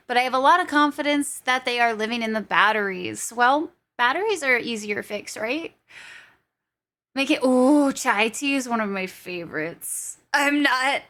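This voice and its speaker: A woman's voice: high-pitched, sharp tone. A young adult woman streamer chatting casually with her viewers. She giggles often and swears freely.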